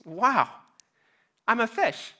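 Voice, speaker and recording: A man voicing a naive little male fish in a sermon story, rising to indignant shouts. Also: very high voice, sing-song, extremely slow, pitched above the performer's own voice, full character voice. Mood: amazed.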